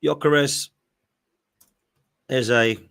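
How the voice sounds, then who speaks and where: A man's voice: medium pitch, fairly even intonation, drawn-out words, creaky, a bit bright, clear, resonant tone. A man hosting a casual live-stream podcast, opinionated and emphatic, ranting with rhetorical questions. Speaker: podcast host.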